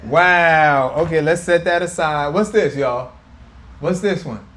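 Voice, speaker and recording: A man's voice: on the high side, slow, fairly bright tone, a little hiss or hum. A man hosting a casual food vlog, playful and teasing as he talks to viewers at home. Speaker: food vlogger. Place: indoors at home.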